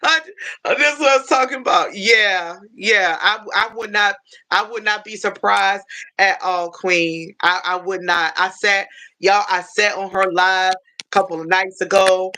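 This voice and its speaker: A woman's voice: medium pitch, unhurried, pushed and bright. A woman hosting a casual livestream chat, rambling and restarting often, heartfelt and openly emotional. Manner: chatty, rambling with many restarts. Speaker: livestream host.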